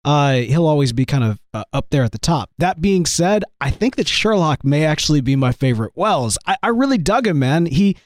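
Brief: man with a weak, sickly voice, pitched a bit high, very animated, hosting a casual fan chat. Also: fairly quick, few pauses, no room sound, studio quality. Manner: enthusiastic, rambling. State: weak, strained voice from illness. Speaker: podcast host.

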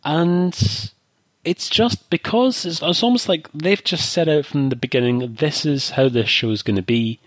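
A man's voice: on the high side, measured pace, dry recording. A man co-hosting a podcast, talking in a rambling, thoughtful way with frequent restarts. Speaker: podcast co-host. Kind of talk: casual chat.

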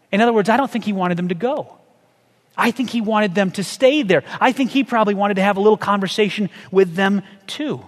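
High-voiced preacher in a reverberant hall. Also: male voice. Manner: conversational preaching with rhetorical questions. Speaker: pastor. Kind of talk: sermon.

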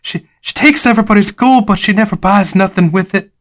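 A man voicing a nervous theme park worker who whines and rushes his words. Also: lightly acted. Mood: urgent, nervous. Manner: high, whining, anxious. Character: panicky park docent, whiny man.

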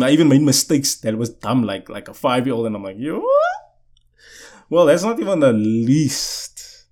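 A young man with a warm, mid-range voice vlogs a casual story to his audience. His telling meanders, with lots of restarted sentences and a habit of asking "you know what I'm saying."

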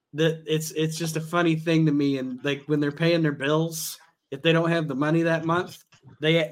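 A man hosting a podcast in casual chat, jokey, asking the questions and signing off. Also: on the high side. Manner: jokey, leads questions and sign-off. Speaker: podcast host.

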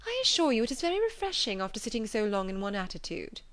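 Casting: woman playing a haughty young society lady, arch and pushy, pitched up, close dry read. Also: very animated, fast, a bit bright, dry recording. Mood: coaxing. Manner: arch, insistent.

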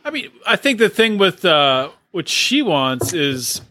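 A man's voice: sits high, very animated, a little slow, pushed and bright, dry recording. A young man co-hosting a podcast, chatty and wry, teasing the others. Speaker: podcast co-host. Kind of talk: casual chat.

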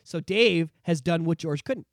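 A man hosting a podcast in casual chat, excitable and emphatic, swearing freely. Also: on the high side, measured pace, dry recording, studio quality. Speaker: podcast host.

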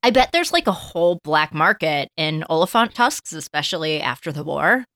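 A woman's voice: sits low, very animated, normal speed, fairly bright tone, no echo, studio quality. A woman co-hosting a casual chat in a brash, joking way. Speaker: podcast co-host.

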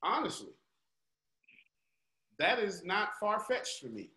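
Bright-voiced, emphatic male coach. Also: high voice, big pitch swings, takes it slowly, reverberant, rough recording. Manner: emphatic, preachy, colloquial. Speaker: motivational coach leading a group call. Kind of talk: motivational teaching on a call.

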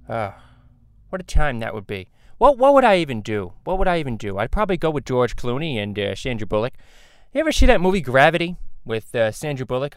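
A man voicing a crass, loudmouthed middle-aged cartoon dad, nasal and rambling, in a crude comedy monologue. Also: mid-range voice, clean tone, dry recording. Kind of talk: fan comedy impression monologue.

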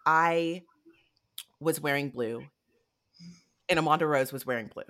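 A woman hosting an interview podcast, chatty and enthusiastic, reacting warmly to her guest. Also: low voice, unhurried. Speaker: podcast host. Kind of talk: casual interview chat.

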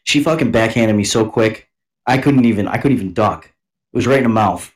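A man's voice: lowish voice, brisk. A man co-hosting a podcast, teasing and telling crude stories in casual chat. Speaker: podcast co-host.

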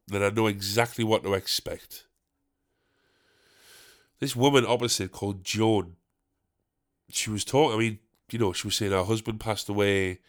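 A man's voice: medium pitch, a bit bright, clear, resonant tone. A young man, a stand-up comedian, hosting a solo podcast in a rambling, candid, sweary way.

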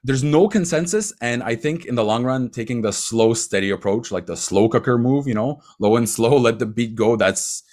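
A man in casual sports chat about hockey, animated, laughing often, with quick asides. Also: medium pitch. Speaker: hockey commentator.

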